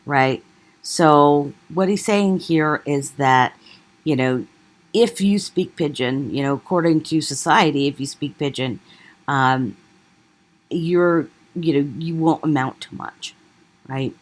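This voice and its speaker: A woman teacher explaining a reading to her class, often checking in with "right?" and pausing on fillers. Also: deep voice. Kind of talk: classroom lecture.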